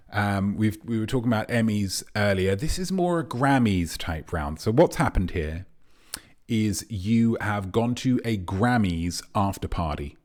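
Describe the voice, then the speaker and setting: A man with a lowish voice hosts a comedy quiz stream as a pompous artiste. He rambles and meanders, with sudden theatrical leaps in pitch, and talks straight to the chat. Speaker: quiz host. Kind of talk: character comedy livestream quiz.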